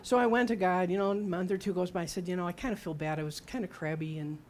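A woman's voice: fairly low pitch, fairly even intonation, quick pace. A middle-aged woman preaching a sermon in a conversational, humorous storytelling way, acting out quotes as she goes.

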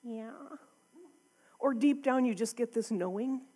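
A woman's voice: a little high, normal speed, mellow, husky. A woman preaching a sermon to a congregation in a church, talking candidly and conversationally, often with a laugh.

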